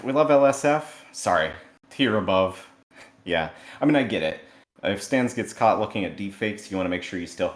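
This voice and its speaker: A man roasting with sarcastic, mock-earnest delivery and self-deprecating asides. His voice sits at an ordinary middle pitch. The sound bounces around a barely furnished room with plenty of echo. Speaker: roast participant. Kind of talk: comedic roast set over a video call. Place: newly moved-in, barely furnished home. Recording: echoey, sparsely furnished room.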